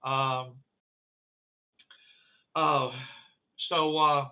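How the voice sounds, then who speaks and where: A flustered triage officer, put on by a man, stammers through every sentence at an everyday pitch. The sound is squeezed and thin, like a phone call. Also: flat delivery, very slow, smooth. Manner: stammering, hesitant. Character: male city triage officer, flustered and unsure.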